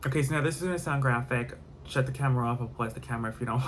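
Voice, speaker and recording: Man, casual vlog storytelling, candid, rambling, graphic, mid pitch, faint background noise. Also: rapid-fire.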